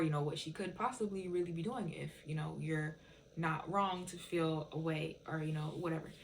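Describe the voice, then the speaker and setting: Low-voiced woman ranting casually. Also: a little hiss or hum, poor audio. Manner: rambling, profane, heavy use of "it's just like". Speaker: TikTok viewer telling a story. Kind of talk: casual storytime rant.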